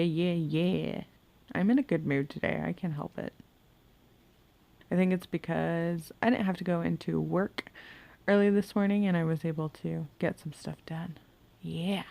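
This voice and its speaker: A woman's voice: on the low side, gravelly, a little mellow, no room sound. A woman chatting through a makeup tutorial at home, talking to herself as she works and humming now and then. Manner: chatty, talks to herself while working, hums and mutters. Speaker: beauty vlogger. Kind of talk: casual makeup tutorial chat. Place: home bedroom.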